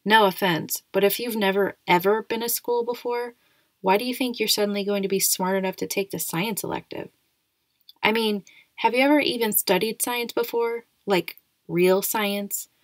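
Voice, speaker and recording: A woman's voice: medium pitch, normal speed, no echo, lightly acted. A woman voicing a snide, sarcastic ten-year-old schoolboy in a storybook reading, with a mocking, needling manner. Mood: sneering. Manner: sneering, mocking questions.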